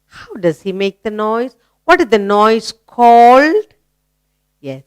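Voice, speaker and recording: A woman with an Indian English accent teaching a children's English lesson, asking simple questions and praising answers in a slow, encouraging sing-song. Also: a little high, sing-song, clean tone.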